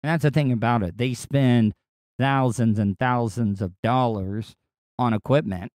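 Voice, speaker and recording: A man hosting his own podcast in a casual solo monologue, with a distinctive voice that is not deep, talking in a rambling, crude, candid way with frequent restarts. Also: a little slow, a little mellow, dry recording, clean studio sound. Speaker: podcast host and radio personality.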